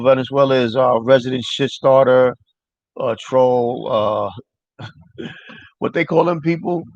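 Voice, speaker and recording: New man, loose profane stream host, mid pitch, dry muffled mic. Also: no echo. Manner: loose, profane, rambling, answers chat. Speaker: livestream host. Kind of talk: casual livestream chat.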